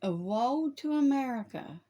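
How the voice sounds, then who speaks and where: A woman delivers a homespun warning in a religious video. Her voice sits a little high, and she scolds in a folksy way, breaking into laughter often. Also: lively intonation, measured pace, mellow, muffled recording. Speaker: online preacher. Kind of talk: casual religious video talk.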